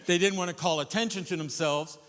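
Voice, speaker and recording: An older man performing a solo stage monologue, animated, going from loud emphasis to hushed asides. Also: sits high, fairly quick. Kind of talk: theatrical storytelling monologue. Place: theater stage before a live audience. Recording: echoey theater with long reverb.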